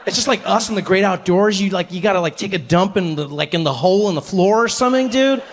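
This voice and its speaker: A man's voice: sits high, quick pace. A man doing an eager outdoorsy bro. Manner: eager, says "dude". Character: enthusiastic outdoorsy male friend.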